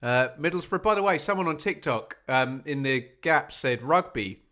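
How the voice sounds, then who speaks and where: A man's voice: fairly high pitch, animated, normal speed, bright, forceful tone. Chatty man hosting a football watch-along. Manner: chatty, reads out viewer locations, self-mocking. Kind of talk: casual live-stream chat.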